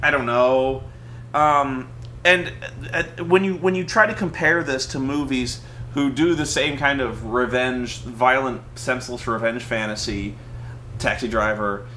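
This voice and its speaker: A man's voice: medium pitch, a little slow, sharp tone, echoey room, a little hiss or hum. A man who is a movie reviewer, chatting casually and animatedly with his brother, stammering and acting out quotes from the film.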